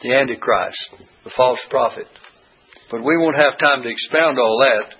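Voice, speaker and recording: A man preaching a sermon, reading scripture aloud with rising emphasis and halting asides. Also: medium pitch, breathy edge, muffled recording.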